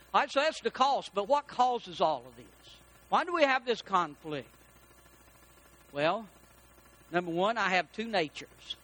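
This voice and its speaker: A man preaching a sermon as pastor, telling a story with lively character voices. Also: high voice.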